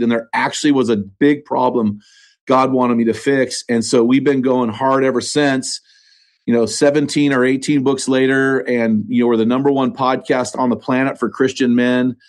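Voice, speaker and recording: American guy, mid-pitched voice, earnest and preachy, lots of restarts, talking from a studio. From United States. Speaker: podcast host and author, interview guest. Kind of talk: conversational interview. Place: church studio office.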